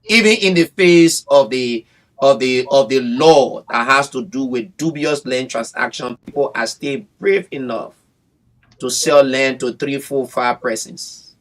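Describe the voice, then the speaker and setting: A man's voice: mid-range voice, unhurried. A man, a bar association representative speaking emphatically in a radio interview, often repeating his phrases. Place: radio studio.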